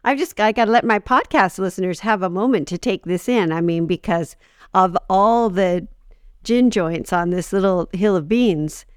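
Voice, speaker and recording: Excitable woman with a smooth, clear voice. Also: medium pitch, moderate pace, dry recording, studio quality. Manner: excitable, gasping reactions. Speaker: podcast co-host. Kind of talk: improvised comedy banter.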